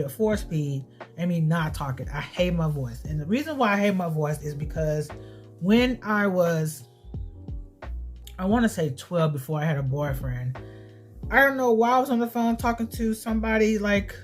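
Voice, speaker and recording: A woman's voice: fairly low pitch, darkish tone. A woman in her thirties talking casually and bluntly to camera for her vlog, swearing freely and repeating herself for emphasis. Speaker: beauty and family vlogger.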